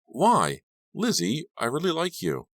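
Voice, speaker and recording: A man's voice: on the high side, wildly swooping pitch, unhurried, no echo, clean studio sound, voice pushed up, heavily acted. A man voicing a creepy, pushy teenage boy in an audiobook, with a mock-apologetic, sing-song manner. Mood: nervous. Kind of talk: audiobook character voice.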